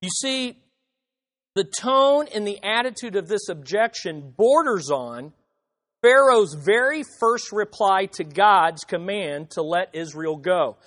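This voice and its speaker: A man's voice: sits high, lively intonation, slow, fairly bright tone. A man preaching an expository sermon, emphatic, repeating phrases and acting out the objections he quotes. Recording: reverberant hall.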